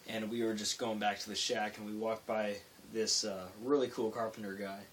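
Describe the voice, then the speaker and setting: A young man in a late-night vlog recounts a work story, rambling and cutting himself off, and loudly acting out quotes. His fairly low voice has a level tone and normal speed. The distant mic adds faint hiss and leaves him a bit off-mic.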